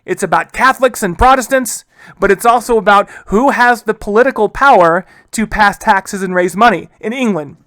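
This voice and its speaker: A man's voice: sits high, a bit bright, dry recording. Casual man teaching history, dry sound. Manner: casual, keeps addressing listeners as guys; acts out historical figures in quick asides. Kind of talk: recorded history lecture.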